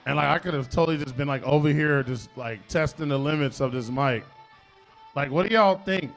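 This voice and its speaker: A man hosting an open mic night, loose and goofy, swearing and shouting silly bits between comics on a wireless mic. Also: fairly high pitch, brisk, soft background music. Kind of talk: introducing comics on stage. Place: comedy club stage. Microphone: wireless handheld mic.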